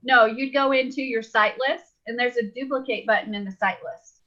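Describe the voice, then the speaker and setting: A woman's voice: on the high side, fairly even intonation, normal speed, sharp tone, highs cut off. A woman leading a live online webinar tutorial, chatty and upbeat, laughing easily. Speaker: webinar trainer.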